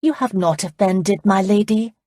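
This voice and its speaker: A woman's voice: medium pitch, normal speed, a little mellow, no room sound, clean studio sound, natural voice. A woman narrator voicing a blunt, outspoken young Scottish woman with a Scottish accent, speaking politely but frankly.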